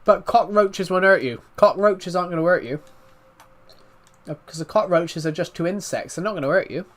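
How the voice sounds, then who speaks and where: A British man chats on a casual live stream, his fairly high voice thick and a bit worn from being slightly ill. He talks calmly and evenly at a moderate pace, often restarting his sentences.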